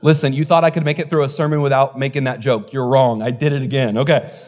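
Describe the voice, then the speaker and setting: A man preaching a sermon as pastor, animated, swinging between loud exclamations and quieter asides. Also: medium pitch, quick pace, lo-fi sound.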